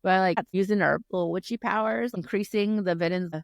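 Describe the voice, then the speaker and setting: A woman co-hosting a podcast, casually recapping a novel with animated retelling and frequent laughter. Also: mid-range voice, a little fast, vocal fry, dry recording, clean studio sound. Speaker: podcast co-host. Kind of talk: casual book chat.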